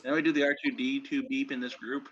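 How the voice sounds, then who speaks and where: A man's voice: medium pitch, level tone, racing, fairly bright tone, slight background noise. Eager man on muffled call audio. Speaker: player. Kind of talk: casual chat over a tabletop game. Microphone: online voice call.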